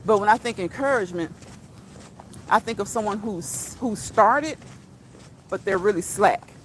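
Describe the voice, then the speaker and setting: A woman's voice: medium pitch, a little hiss or hum. A woman hosting a casual walk-and-talk livestream outdoors on her phone, blunt and repetitive, dropping slang and laughing often. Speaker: channel host.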